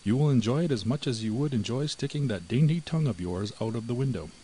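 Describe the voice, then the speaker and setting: A man voicing a greedy, sly female house cat in a storybook reading, with a cool, smooth manner. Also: mid-range voice, animated, quick pace, mellow, slight background noise, lightly acted, poor audio.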